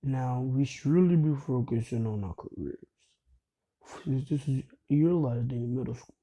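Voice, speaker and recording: A man's voice: medium pitch, normal speed, dark tone, lightly acted, rough recording. A man voicing a teasing, middle-aged male schoolteacher addressing a class.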